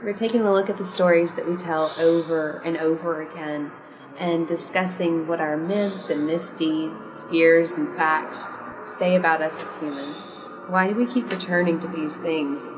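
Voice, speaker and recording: A woman's voice: sits low, steady tone, a little slow, low-quality recording. A woman co-hosting a podcast, giving an upbeat, welcoming introduction. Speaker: podcast co-host. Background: intro music.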